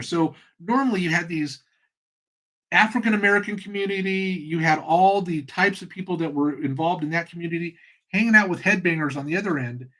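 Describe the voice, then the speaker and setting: Chatty middle-aged man, fairly high voice. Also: pushed and bright. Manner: rambling, conversational storytelling. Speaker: channel host. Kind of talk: casual monologue.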